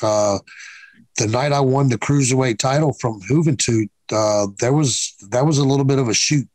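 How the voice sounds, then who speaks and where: Speaking at a normal pace with a medium pitch and a darkish tone, this fifty-something former pro wrestler guests on a casual interview. He swears freely, tells blunt stories, and performs the dialogue he quotes, all on a rough recording with no room sound.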